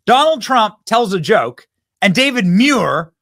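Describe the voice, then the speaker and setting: Animated, indignant male commentary host. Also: high voice, a little slow, no room sound, studio quality. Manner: indignant, exclaiming and mocking. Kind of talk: reaction commentary on news clips.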